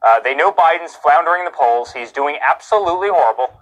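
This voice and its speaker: A man's voice: fairly high pitch, animated, fast, a bit bright, low-quality recording. A man giving a live TV news interview as a guest, talking in a heated, indignant way and hammering points home with repetition.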